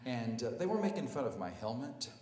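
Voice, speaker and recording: Man, storyteller, lively swooping delivery, self-mocking, live stage, echoey hall. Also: medium pitch, brisk. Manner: animated, self-mocking, acts out scenes.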